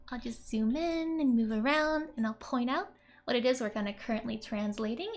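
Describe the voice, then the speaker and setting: A woman teaching a language lesson in a casual, chatty way, laughing often as she explains. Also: on the high side. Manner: giggly, chatty, frequent laughs. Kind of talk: casual lesson narration over screen.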